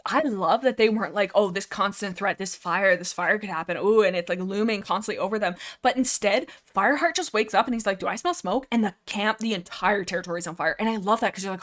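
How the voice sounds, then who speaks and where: A young woman hosts a casual livestream and chats about books. She rambles and gets excitable, and she piles on filler words as she goes. Her voice sits at an average pitch. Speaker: livestream host. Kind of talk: casual livestream book discussion.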